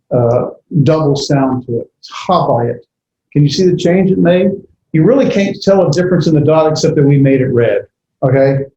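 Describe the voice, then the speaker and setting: A man teaching a Hebrew grammar lesson in a halting way, with many fillers and self-corrections as he walks through examples. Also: medium pitch, dark tone, a little hiss or hum. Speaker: Hebrew instructor. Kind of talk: classroom lecture. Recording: dull, roomy lecture recording.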